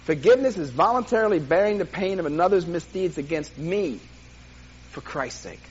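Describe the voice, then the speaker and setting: An older man preaching a sermon, telling a personal story with self-deprecating humor and animated delivery. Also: on the high side, normal speed, lo-fi sound, slight background noise. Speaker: pastor.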